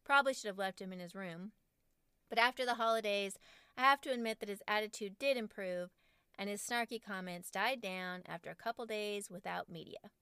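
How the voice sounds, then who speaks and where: A woman's voice: mid-range voice, fairly quick, sharp tone, clear, resonant tone, no echo, clean studio sound. A woman in her forties, a podcast host, reading her own parenting book aloud with wry, self-mocking humor.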